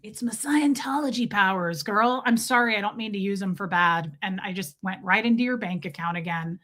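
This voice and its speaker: A woman in her forties hosting a casual livestream, telling stories in an animated way and reading viewer comments aloud. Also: mid-range voice, fairly quick. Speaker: livestream host.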